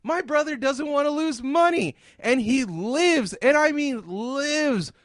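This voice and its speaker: A man with an unusually high voice rants through a podcast, swearing freely and bursting into shouts. The sound is close and dry, with no room around it. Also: animated, slow, dry recording. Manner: profane, ranting, often shouting. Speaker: podcast host. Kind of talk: ranting podcast talk.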